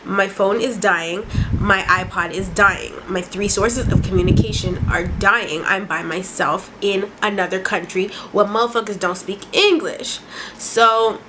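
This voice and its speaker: A woman in her twenties from Canada, telling a dramatic storytime vlog in a casual, profane, animated way. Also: medium pitch, unhurried, heavy background noise. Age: 20s. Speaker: vlogger.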